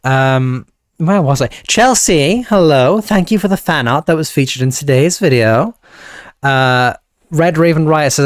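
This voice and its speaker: A young man with a slightly high voice, rambling to his live-stream chat and cutting himself off mid-thought. The sound is dry and close, and he is talking into a handheld mic he holds awkwardly. He thanks viewers fondly as he goes. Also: a little slow, no room sound. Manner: rambling, self-interrupting, affectionate to chat. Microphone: handheld mic, held awkwardly.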